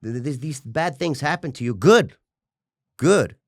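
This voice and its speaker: A fitness coach in his forties, speaking as an interview guest, tells his story candidly in a fast, medium-pitched voice recorded cleanly in a studio with no room sound. He is passionate and rambling, restarting sentences and swearing along the way.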